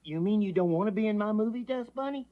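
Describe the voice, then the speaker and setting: A man voicing a goofy, excitable adult bumpkin in a cartoon, eager and boastful with a rubbery, twangy delivery. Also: high voice, fast talker, phone-quality sound. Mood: excited. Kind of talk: cartoon voice acting.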